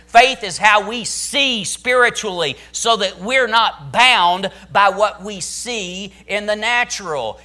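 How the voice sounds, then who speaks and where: Man preacher, high bright voice, emphatic sermon delivery. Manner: preaching with rising, emphatic intensity. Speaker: pastor.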